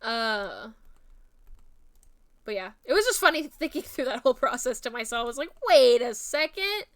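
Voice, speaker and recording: A young woman from New Jersey, with a New Jersey and Philadelphia-area accent, chats casually on her stream, rambling, mocking herself and giggling often. Her fairly high voice is animated and sharp at a moderate pace.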